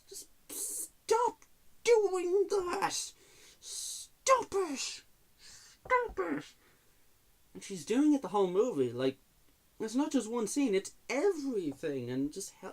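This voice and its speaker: A man reviewing films in an exasperated, sarcastic rant, swearing freely. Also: a little high. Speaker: movie reviewer. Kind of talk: ranting movie review.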